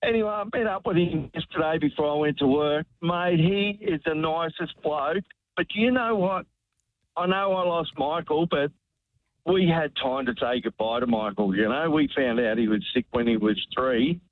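A man's voice: fairly high pitch, normal speed, dry recording. An Australian man calling a talkback radio show, telling a heartfelt story in a rambling way that repeats words. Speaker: radio caller. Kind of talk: emotional talkback call. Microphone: telephone. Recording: tinny phone line, dry.

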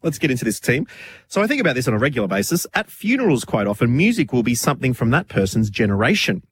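A man, co-hosting a casual radio chat, laughing through quick comic asides. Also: mid-range voice, big pitch swings, breathy edge, dry recording. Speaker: radio co-host. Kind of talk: casual banter on a radio show.

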